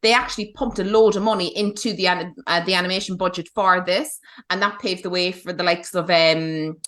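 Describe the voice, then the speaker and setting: A woman's voice: on the low side, steady tone, fairly quick, a bit bright. A woman with a nasal voice, gushing enthusiastically as a podcast co-host.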